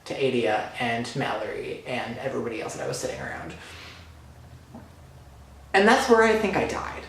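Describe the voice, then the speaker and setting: A young man vlogger excitedly retelling a fan encounter story, gushing and breathless, full of fillers. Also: mid-range voice, normal speed, gravelly, slight background noise. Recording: very echoey room.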